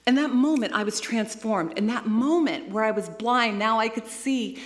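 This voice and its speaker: A woman giving a personal, emotional sermon, telling her story with rising peaks of excitement. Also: fairly high pitch, normal speed, few pauses. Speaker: guest speaker. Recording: long hall reverb.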